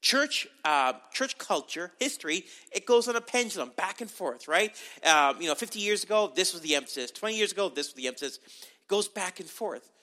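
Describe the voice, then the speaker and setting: A middle-aged man from Canada preaching as a pastor in a conversational sermon style, with animated delivery and frequent asides. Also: high-pitched, a little fast.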